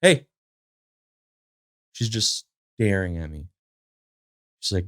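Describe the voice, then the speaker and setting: A man hosts his own casual solo podcast at home, sitting in a chair and recording to a camera while rambling with lots of fillers and side remarks to his dog. His low-pitched, slightly bright voice is expressive and slow, with long pauses. The sound is dry and clean, like a studio.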